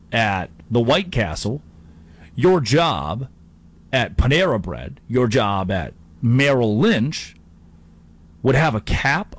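A man hosting a sports talk show, delivering an energetic, jokey monologue with quick asides and playful impressions. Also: mid-range voice. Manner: animated, jokey, slips into mock impressions. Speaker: sports talk radio host.

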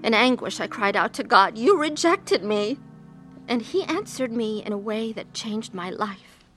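A woman's voice: medium pitch, normal speed, fairly bright tone, soft background music, natural voice. A woman narrating and playing a troubled adult woman in emotional pain, speaking earnestly. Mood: somber. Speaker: narrator and main character. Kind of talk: dramatized testimony with first-person narration.

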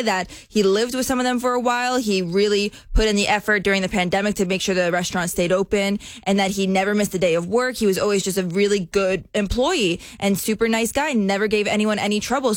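A woman's voice: medium pitch, a little fast, few pauses, dry recording, studio quality. A woman co-hosting a morning radio show, telling a news story with a giggly, self-deprecating manner. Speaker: radio co-host.

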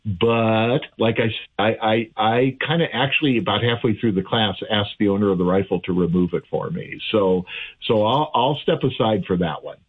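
A man calls in to a radio show over a thin, tinny phone line. His voice is a bit husky, and he talks in a chatty, halting way, full of fillers and restarts. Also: fairly low pitch. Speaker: audiologist guest on radio. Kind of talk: casual radio chat by phone. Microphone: remote call-in line.

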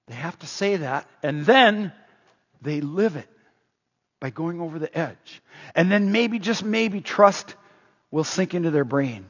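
A man preaching a sermon as pastor, animated, quoting scripture aloud. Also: fairly high pitch, unhurried, long pauses. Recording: roomy hall, dull lo-fi sound.

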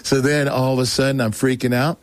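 A man's voice: mid-range voice, brisk. A man as a show guest, telling a rambling personal story in casual talk, acting out what people said. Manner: rambling, animated, acts out quoted voices.

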